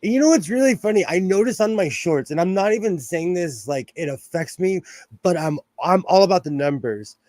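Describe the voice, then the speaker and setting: A young adult man hosting a casual sewing livestream from home, talking into a phone set close by. His voice sits somewhat high and sounds dry, with no room around it. He rambles from one aside to the next and laughs often. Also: lively intonation, normal speed, darkish tone, dry recording. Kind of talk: casual live-stream chat.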